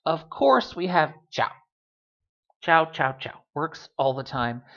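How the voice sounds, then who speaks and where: A man teaching beginner Spanish phrases in a casual, chatty lesson, with wry asides and slower, careful delivery of the Spanish words. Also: fairly high pitch, a bit bright. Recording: dull lo-fi sound.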